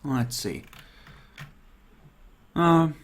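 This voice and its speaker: A man running a tabletop role-playing game on a stream, relaxed and thinking aloud as he narrates and checks the rules. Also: a little high, extremely slow. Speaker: game master.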